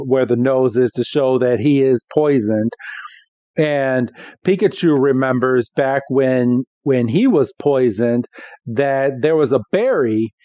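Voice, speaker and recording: Male co-host, dark mellow voice, casual recap with character bits, dry muffled audio. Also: mid-range voice, dry recording. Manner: animated retelling, acting out characters. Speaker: podcast co-host. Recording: dull, dry podcast audio.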